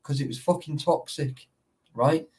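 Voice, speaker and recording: A man's voice: on the high side, measured pace, darkish tone, breathy edge, far from the mic. Sweary, rambling man. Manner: sweary, rambling, keeps asking "you know what I mean". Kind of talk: casual chat.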